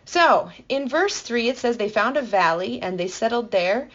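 A woman leading a conversational Bible teaching, explaining the text in a playful, enthusiastic way with lively asides. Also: fairly high pitch, normal speed, dull audio.

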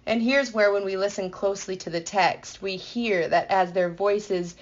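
Woman walking through a bible text, playful and excited, kinda muffled audio. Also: medium pitch, moderate pace. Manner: playful, enthusiastic, builds excitement. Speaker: Bible teacher. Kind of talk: explanatory podcast talk.

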